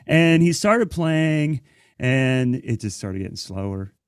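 A man from Central Ohio tells gig stories in a lively way and slips into other people's voices. His voice sits in the middle range and sounds close and dry, with no room around it. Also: mid-range voice, slow, smooth, no room sound. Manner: animated storytelling, acting out other people's voices. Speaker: working drummer in roundtable. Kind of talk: casual roundtable chat.

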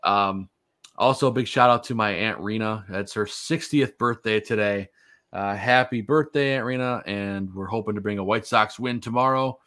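Man in his thirties, podcast host, fairly low voice, easygoing, rambling. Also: normal speed, fairly bright tone. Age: 30s. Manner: easygoing, rambling with many fillers. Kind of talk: casual sports podcast chat.

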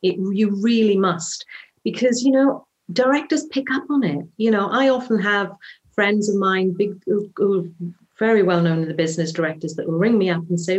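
A woman's voice: mid-range voice, normal speed, muffled recording. A middle-aged woman, a stage actress, talks freely as an interview guest. Her speech circles back on itself with restarts and "you know" as she shares advice. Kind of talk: casual interview chat.

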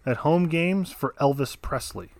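A man's voice: a little high, measured pace, creaky, dry recording. A man co-hosting a casual podcast chat, dropping short dry interjections. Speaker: podcast co-host.

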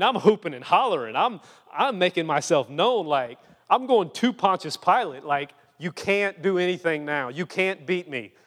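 Young man preaching in a reverberant hall. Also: high-pitched. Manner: conversational preaching, animated storytelling with hushed earnest moments. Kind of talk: sermon.

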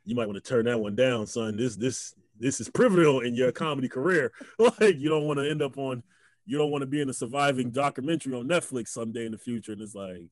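A young man, a guest comedian, telling a story in a casual chat, animated, laughing often and acting out the voices he quotes. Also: mid-range voice, fast, dry recording.

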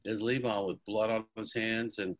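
Excitable man telling a story. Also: fairly low pitch, normal speed. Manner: excitable, repeats words when telling stories. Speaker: guest, company founder. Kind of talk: animated storytelling in a podcast interview.

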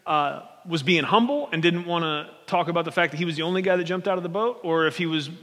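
A male pastor with a high voice delivers an animated, conversational sermon, stumbling over and restarting his phrases as he goes. His words ring out with the long reverb of a large hall. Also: fast talker.

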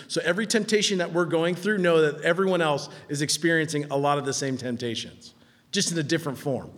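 A man preaching a sermon, conversational and emphatic, who swings from low, quiet stretches to high, loud ones and chuckles at his own points. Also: a little fast, in a large hall. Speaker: pastor.

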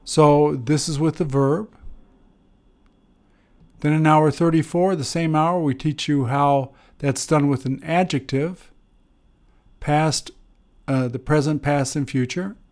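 Slow, deliberate male English teacher. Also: fairly high pitch, steady tone, darkish tone. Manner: slow, deliberate, with pauses and fillers. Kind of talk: explaining grammar lesson.

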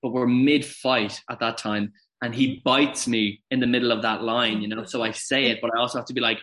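Halting man recalling a scene. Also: medium pitch, fairly even intonation, a bit bright. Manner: halting, restarts often, self-deprecating. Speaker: actor guest. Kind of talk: casual podcast interview.

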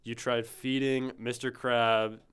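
A young man hosting a casual question-and-answer chat, teasing and deadpan. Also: mid-range voice, slow, clean tone. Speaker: host asking questions.

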